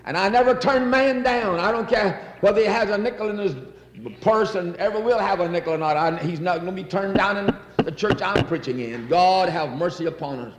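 Fervent high-voiced preacher in an echoing hall. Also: male voice, fairly quick, slight background noise. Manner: fervent, repeats phrases, reads scripture aloud. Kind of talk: sermon. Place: church. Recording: echoey hall.

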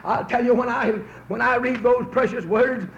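A man preaching a revival sermon, telling folksy stories that build into fervent shouts. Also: extremely high pitch, fairly even intonation, normal speed, vocal fry. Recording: roomy, dull old recording with faint hiss.

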